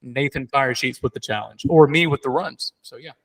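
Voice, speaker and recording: A man hosting a podcast in casual chat, telling animated stories with many fillers and restarts. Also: medium pitch, moderate pace. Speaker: podcast host.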